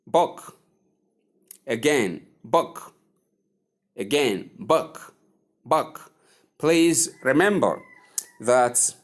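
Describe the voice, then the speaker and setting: A man teaching English pronunciation, speaking slowly and deliberately and repeating words for learners to echo. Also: medium pitch. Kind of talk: pronunciation lesson.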